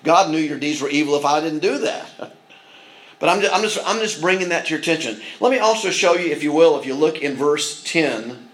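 Higher-pitched man preaching a sermon. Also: expressive, brisk, a bit bright, low-quality recording. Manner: earnest preaching with frequent restarts and asides. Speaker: pastor.

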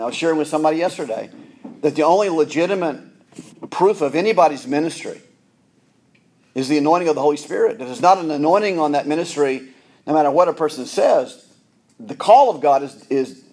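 A man's voice: fairly high pitch, darkish tone. A middle-aged pastor preaching a sermon, earnest, often repeating words as he restarts phrases.

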